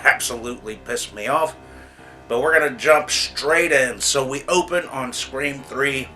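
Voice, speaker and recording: Chatty exasperated man with a bright voice. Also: mid-range voice. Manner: frank, exasperated, chatty with repeated "you know what I'm saying". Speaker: movie reviewer, channel host. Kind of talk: casual movie review vlog.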